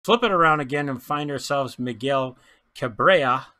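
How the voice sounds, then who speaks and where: A man giving chatty, excitable commentary while opening baseball card packs, often stumbling over player names and laughing. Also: medium pitch, normal speed. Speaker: card pack breaker.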